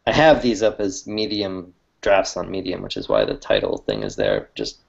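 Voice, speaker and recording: Low-voiced man in casual lo-fi chat. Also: sing-song, vocal fry. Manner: rambling, halting, laughs easily. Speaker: cartoonist co-host.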